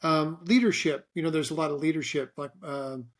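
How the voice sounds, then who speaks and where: A man's voice: on the high side, fairly even intonation, brisk. A middle-aged man hosting an interview, asking long questions with many restarts and fillers. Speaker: host and interviewer.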